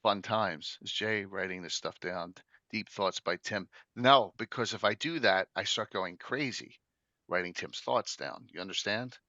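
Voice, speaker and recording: A man's voice: on the low side, measured pace, pushed and bright, no echo, dull audio. A middle-aged man hosting a casual tabletop gaming chat, rambling with many fillers and restarts. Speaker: podcast host.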